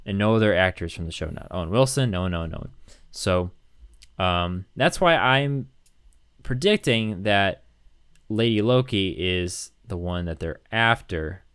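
A man chatting casually, rambling and excited as he lays out a fan theory, with many fillers. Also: sits low, a little slow, clean tone, no room sound, studio quality. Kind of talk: casual chat.

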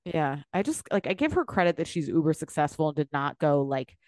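A woman's voice: low voice, big pitch swings, brisk, a little mellow, no echo, studio quality. A woman co-hosting a podcast, chatting casually and bluntly about a reality show with sarcastic asides and swearing. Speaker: podcast co-host.

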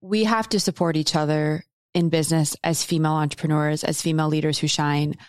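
A woman with a lowish voice hosts a podcast and speaks in a heartfelt, earnest way. She repeats phrases for emphasis. Her voice is recorded close and dry. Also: fairly even intonation, a little fast, no echo. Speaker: podcast host. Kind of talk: heartfelt conversation.

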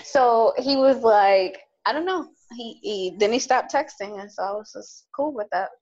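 A woman's voice: medium pitch, normal speed, a little mellow, muffled recording. A woman co-hosting a podcast, telling a dating story in casual chat and quoting the other people as she goes. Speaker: podcast co-host.

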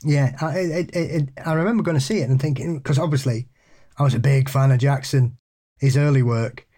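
A man co-hosting a podcast in casual chat, halting and repeating his words, often laughing. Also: medium pitch, fairly even intonation, warm tone. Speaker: podcast co-host. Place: pub.

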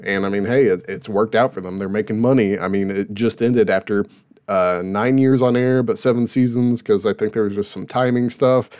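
A man's voice: on the low side, steady tone, normal speed, darkish tone, clean tone. A young adult man hosting a casual show, rambling sarcastically about television and laughing at his own jokes. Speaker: podcast host reviewing TV shows. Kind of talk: casual opinionated chat.

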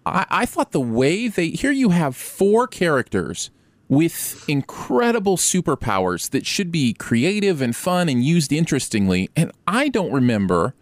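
A man co-hosting a casual movie review chat, animated and wry. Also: fairly high pitch, no echo.

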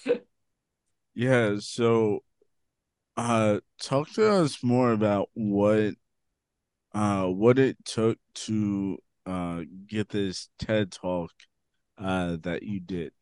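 A man co-hosts a podcast and asks his questions slowly and haltingly. His voice is low and smooth, recorded dry and close. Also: darkish tone, no echo. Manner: hesitant, many fillers. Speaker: podcast co-host. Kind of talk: casual interview chat.

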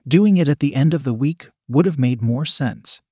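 A man reading a first-person story aloud in a calm, measured, coldly sly manner. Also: mid-range voice, breathy edge, no room sound, clean studio sound.

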